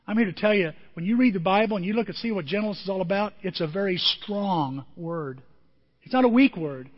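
A man preaching a sermon as pastor, talking in a conversational, animated way with acted-out quotes. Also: high-pitched, fairly quick. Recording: dull lo-fi with long reverb.

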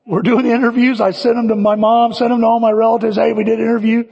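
An older man preaching a sermon as a pastor, telling stories with animated energy and breaking into loud cheering when he quotes himself. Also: extremely high pitch, quick pace, vocal fry, husky. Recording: dull lo-fi audio with long hall reverb.

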